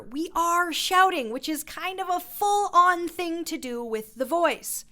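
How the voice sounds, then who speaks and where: Bright-voiced playful vocal coach woman. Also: extremely high pitch, expressive, unhurried, few pauses, faint music behind. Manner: encouraging, playful; instructive. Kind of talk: voice lesson.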